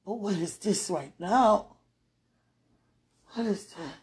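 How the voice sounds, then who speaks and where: A woman lying in bed, praying aloud in a moaning, pleading way, drifting between hushed whispers and loud protests. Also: on the low side, lively intonation, a little slow, pauses often. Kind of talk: emotional spoken prayer monologue.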